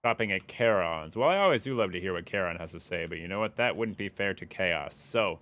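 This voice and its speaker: Young guy streaming gameplay, lowish bright voice, jokey, trash-talks the monsters, hums a lot. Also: animated, a little fast. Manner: playful, taunts enemies and hums while playing. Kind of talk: live gameplay commentary.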